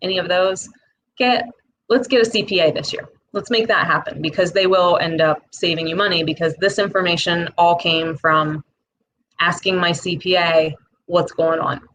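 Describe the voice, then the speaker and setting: A woman with a Midwestern accent, talking casually to camera and explaining a small business loan program in a direct, chatty way with quick asides. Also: fairly low pitch, steady tone, fairly bright tone, poor audio. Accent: Midwestern American.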